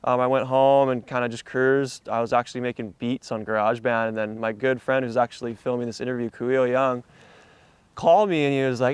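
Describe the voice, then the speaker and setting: A man's voice: mid-range voice, steady tone, fairly quick, clear, resonant tone, no room sound. A young man from Hawaii, a surfer telling a story in a casual interview with laid-back slang and a lot of swearing.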